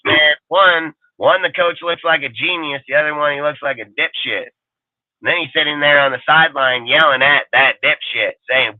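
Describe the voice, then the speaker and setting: A man's voice: mid-range voice, normal speed, dry recording. Profane ranting man on a tinny line. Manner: profane, emphatic, repetitive. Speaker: sports podcast host. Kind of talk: heated casual rant. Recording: dry, phone-like line.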